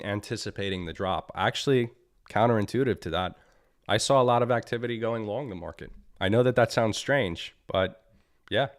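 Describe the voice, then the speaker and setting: A man's voice: on the low side, clear, resonant tone. A man hosting a live market analysis stream. He sounds annoyed, talks bluntly, repeats himself and keeps asking "right?". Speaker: trading stream host.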